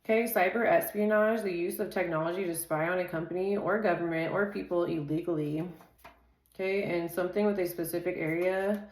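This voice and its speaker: Casual woman tarot reader, lowish voice, word lists, chatty asides, roomy echo. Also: steady tone. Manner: rattles off card keywords in quick lists; laughs easily and chats off-topic.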